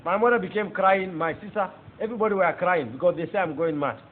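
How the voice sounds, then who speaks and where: Over tinny, phone-quality audio with a little background noise, a man whose voice sits high speaks fast. He is a convert with a Nigerian accent, giving an emphatic preaching testimony full of repeated phrases aimed at his listeners.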